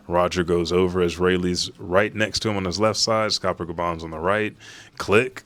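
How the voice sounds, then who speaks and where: A man hosting a casual reaction, reading a chapter aloud. He swears freely and gets excited. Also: deep voice, moderate pace. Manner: profane, excitable, reads quoted lines aloud. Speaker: manga reaction host.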